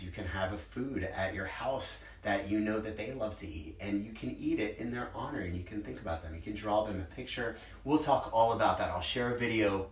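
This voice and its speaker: A man's voice: on the low side, recorded from a distance. A man in his forties, a preschool teacher, leading a virtual circle time for young children in an upbeat way with simple words. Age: 40s. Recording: roomy echo, from the mic, with guitar.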